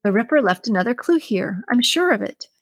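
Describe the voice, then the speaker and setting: A woman voicing an excitable, determined young female detective who insists she is right. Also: on the high side, brisk, dry recording, clean studio sound. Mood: insistent. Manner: eager and insistent.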